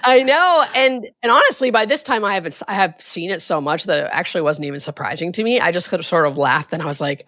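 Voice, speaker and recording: A woman's voice: fast talker, hardly any pauses. A middle-aged woman, a hospice nurse, talking casually in an interview and acting out the people in her stories. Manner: animated, acts out quoted voices with high pitch jumps. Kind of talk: conversational storytelling interview.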